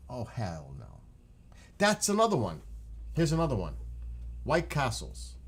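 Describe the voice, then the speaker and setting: A man's voice: mid-range voice, wildly swooping pitch, unhurried, a little hiss or hum. A man with a New York accent, chatting casually on his live stream, rambling and joking.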